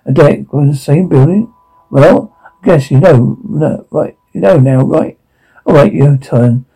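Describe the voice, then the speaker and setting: Man doing a menacing captor guard, dark audio drama, mocking, rage-prone, dark husky tone. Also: a little high, unhurried, heavily acted, low-quality recording. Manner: taunting, mocking, veers into rage. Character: menacing obsessive male security guard captor.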